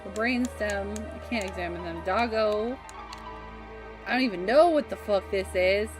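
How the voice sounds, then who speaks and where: A woman's voice: medium pitch, moderate pace. A woman streaming a video game live, chatting and swearing as she reacts to what she finds. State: yawning, tired. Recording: game music underneath. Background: game music.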